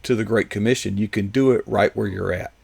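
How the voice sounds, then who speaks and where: Gravelly-voiced male talk show host. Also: lowish voice, fairly even intonation, brisk, darkish tone, dry recording. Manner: folksy, joking asides. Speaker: host, psychologist. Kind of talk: casual chat.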